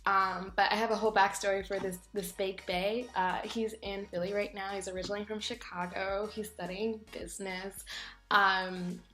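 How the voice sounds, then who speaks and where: Young woman, casual vlog storytelling, animated and jokey, mid-pitched, roomy echo. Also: moderate pace, soft background music. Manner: animated, jokey, acts out voices in her stories. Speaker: vlogger.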